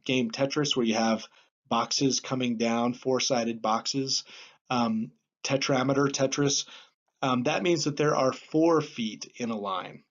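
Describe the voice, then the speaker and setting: A man teaching a class in a plain, explanatory way, often pausing on um and uh. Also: mid-range voice. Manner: plain explanatory, with frequent um and uh fillers. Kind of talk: classroom lecture. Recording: slightly dull lo-fi recording.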